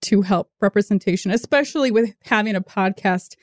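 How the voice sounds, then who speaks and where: Serdeczna, wzruszona kobieta, bardzo suchy dźwięk. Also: female voice, medium pitch, a little fast, no room sound. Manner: earnest and emotional, teasing jokes. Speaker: podcast producer. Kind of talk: casual podcast chat.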